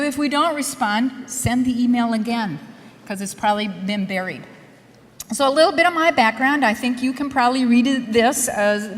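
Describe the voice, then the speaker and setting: Wry Minnesota woman lecturing in a hall. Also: a little high. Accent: Minnesota with a Scandinavian lilt. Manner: emphatic, wry and teasing, with rhetorical questions. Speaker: soil scientist giving a lecture. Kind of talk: conference lecture.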